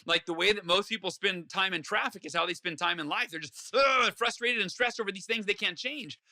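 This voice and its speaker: A man's voice: high voice, a little fast, bright, forceful tone. A man being interviewed, speaking earnestly and acting out his own inner voice as he tells a story. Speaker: guest author. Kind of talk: conversational interview.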